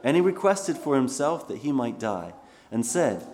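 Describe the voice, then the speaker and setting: A man's voice: mid-range voice, very animated, normal speed, darkish tone. A male pastor giving a sermon, reading scripture aloud and then explaining it in a conversational way.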